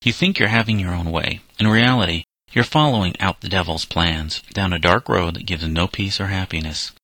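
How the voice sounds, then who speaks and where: Voicing a storybook character, a man plays a young farmhand reasoning with a boy in a calm, stern, firm and earnest way. It's heavily acted at a moderate pace, very deep yet bright and forceful, and the close, dry recording has no room sound.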